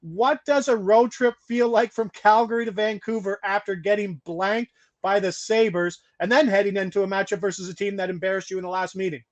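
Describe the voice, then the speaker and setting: A man hosting a sports betting show, briskly rattling off stats and odds and laughing mid-sentence. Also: sits high, steady tone. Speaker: host, betting analyst. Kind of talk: casual sports betting chat.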